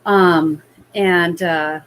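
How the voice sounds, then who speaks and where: Slow, low-voiced woman telling her story. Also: fairly even intonation, a bit bright, a little hiss or hum, rough recording. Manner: slow, hesitant, halting with fillers. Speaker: vlogger. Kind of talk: personal storytelling.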